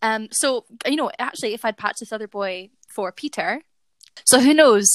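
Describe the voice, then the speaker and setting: A woman's voice: fairly high pitch, lively intonation, normal speed, dry recording. Young woman chatting on a podcast, giggly storyteller, dead dry mic. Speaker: podcast co-host. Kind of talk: casual chat.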